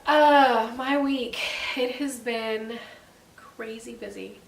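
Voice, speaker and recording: This podcast co-host, a woman in her forties, speaks slowly in a slightly high voice with vocal fry. She tells stories on a casual faith-based chat show in a chatty, warm-hearted way, with many ums. The room echoes, the mic is distant, and there's faint hiss.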